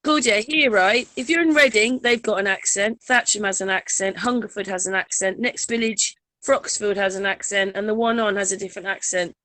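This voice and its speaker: A woman's voice: medium pitch, a little fast, fairly bright tone, no room sound. A woman from England with a slight Berkshire accent, chatting casually and laughing easily. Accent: English, slight Berkshire. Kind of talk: casual online chat.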